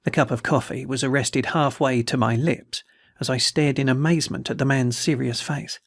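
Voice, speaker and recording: A man reading a classic story aloud as an audiobook narrator, in a measured, literary manner. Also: mid-range voice, steady tone, no room sound, clean studio sound.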